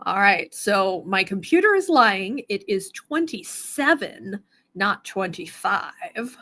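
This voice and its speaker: A woman's voice: mid-range voice, very animated, slow, sharp tone. A woman hosting a live stone sale stream, chatting casually and greeting viewers by name.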